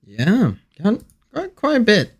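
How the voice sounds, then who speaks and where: Lively-voiced man hosting a gaming stream. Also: high voice, slow, creaky, husky. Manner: easygoing, brief agreeing replies. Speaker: host and player. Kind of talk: casual gaming chat.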